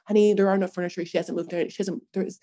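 A young woman hosting a podcast, recapping a reality show in an animated, gossipy chat full of fillers. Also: mid-range voice, rapid-fire. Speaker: podcast host.

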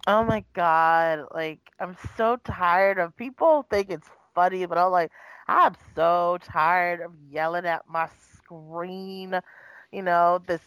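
A woman's voice: on the low side, takes it slowly, a bit bright, smooth, no echo, low-quality recording. A woman chatting as a podcast co-host, exasperated and sarcastic, often voicing other people's lines. The sound is dry, with no room around her voice. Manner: exasperated, sarcastic, acts out quotes. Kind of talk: casual chat.

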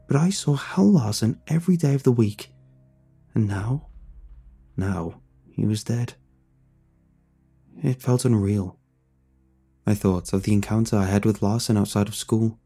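A man narrating a first-person story in a measured, somber way. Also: fairly low pitch, mellow, slightly rough.

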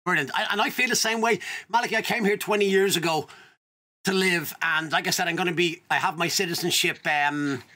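Bright, high-voiced Irish man hosting. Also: fairly quick. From Ireland. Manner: openly emotional, chatty, laughs often. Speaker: host. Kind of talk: casual interview chat.

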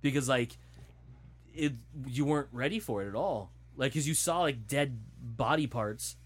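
Man, casual chat, animated profane storytelling, mid-pitched voice. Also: normal speed, husky.

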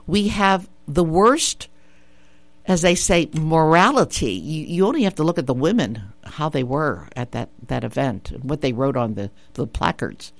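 This woman's voice sits low, and her studio radio mic picks up no room sound. As a talk show host, she chats forcefully and opinionatedly, circling back to her points and posing rhetorical questions to listeners.

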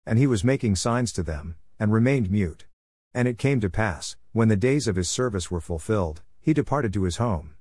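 A man reads scripture aloud in a steady, formal cadence. His voice sits low, and the recording is dry and close with no room sound. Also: normal speed, husky, no room sound. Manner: steady, even, formal reading. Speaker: scripture reader.

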